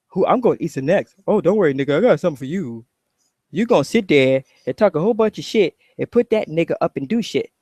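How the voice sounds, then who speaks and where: A woman's voice: on the low side, darkish tone, dry recording, studio quality. A woman giving a heated, profane, sarcastic rant while reacting to a video. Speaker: online commentator. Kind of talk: ranting reaction commentary.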